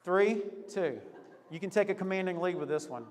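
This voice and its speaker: A man hosting a lively game for a group, upbeat and teasing, laughing often. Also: high-pitched, normal speed, in a large hall. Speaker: youth leader hosting a game.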